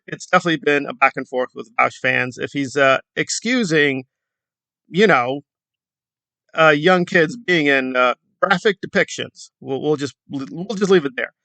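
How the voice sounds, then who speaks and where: Bright-voiced man rambling in commentary. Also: fairly high pitch, moderate pace, creaky, no room sound. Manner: rambling, hesitant, with frequent fillers. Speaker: commentary YouTuber. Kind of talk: casual commentary.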